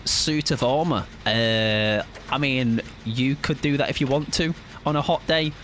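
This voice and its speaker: A young man streams a game live, chatting with viewers in a playful, rambling, jokey way. His medium-pitched voice is a bit bright and a little slow, with slight background noise behind it.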